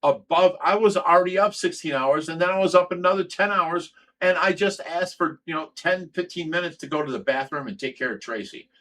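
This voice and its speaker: A man's voice: a little high, a little fast, few pauses, fairly bright tone. A man hosting a livestream, telling a story in a heated, profane way. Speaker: host. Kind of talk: livestream chat.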